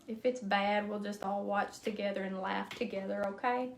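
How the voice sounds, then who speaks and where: A crafting livestream host runs a casual live demo in an echoey room with faint noise. Her medium-pitched, level voice has vocal fry and moves at normal speed with hardly any pauses, and she's chatty and self-deprecating, often laughing at her own mistakes.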